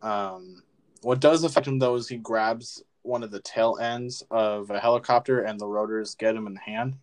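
A young man co-hosting a movie podcast, retelling scenes in a rambling, profane, animated way. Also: on the low side, moderate pace. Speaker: podcast co-host. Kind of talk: casual movie-review chat.

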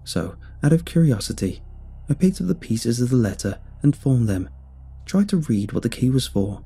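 A man giving steady, measured first-person narration of a scripted horror story. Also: medium pitch, vocal fry, breathy edge, faint music behind.

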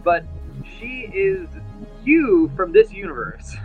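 A man runs a tabletop role-playing game as game master, spinning the scene with plenty of fillers and restarts. His voice sits fairly high and swings widely in pitch. The recording sounds a bit muffled. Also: wildly swooping pitch, slow, music in the background. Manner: storytelling with frequent fillers and restarts.

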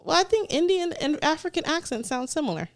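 Lively-voiced woman arguing her point. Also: high voice. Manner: quick back-and-forth, arguing her point. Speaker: podcast co-host. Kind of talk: casual chat.

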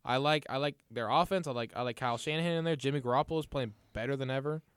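A man leads a casual sports chat in an upbeat, chatty way. He is a little under the weather. His voice sits at an ordinary pitch and sounds dry and close to the mic. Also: very fast, smooth, no echo.

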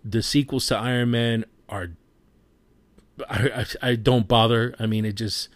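A man's voice: mid-range voice, steady tone, measured pace, dry recording. A man giving a casual spoken movie review, passionate and rambling, who swears freely.

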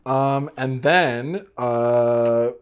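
Animated young man recapping a show. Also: medium pitch, drawn-out words, clean tone. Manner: animated, acts out characters' lines. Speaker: podcast co-host. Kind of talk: casual TV recap chat.

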